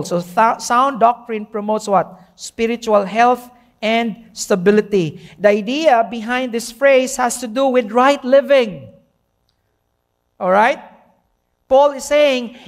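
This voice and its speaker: A man with a Filipino accent preaching a sermon as pastor, emphatic and quizzing the congregation with rhetorical questions. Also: very high-pitched.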